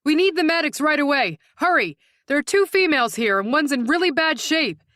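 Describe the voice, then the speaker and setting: A woman doing a calm female detective. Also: fairly low pitch, normal speed, dry recording, clean studio sound. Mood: urgent. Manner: calm and reassuring, sharp when shouting orders.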